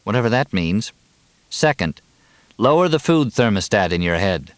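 A man's voice: on the low side, very animated, moderate pace, no room sound. Man playing a wry, terse father. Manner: dry, terse. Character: wry, restless middle-aged father, man.

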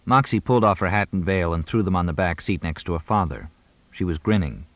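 Low-voiced guy reading a novel, lively delivery, very dry close mic. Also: a little fast, dry recording. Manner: expressive reading. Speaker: audiobook narrator. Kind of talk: scripted narration.

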